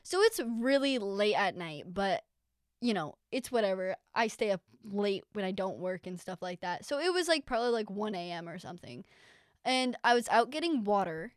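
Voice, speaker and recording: A young woman co-hosting a podcast with her mother, animated, cutting in and swearing casually. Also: medium pitch, moderate pace, clear, resonant tone, dry recording, studio quality. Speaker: podcast co-host, daughter. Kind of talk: casual chat.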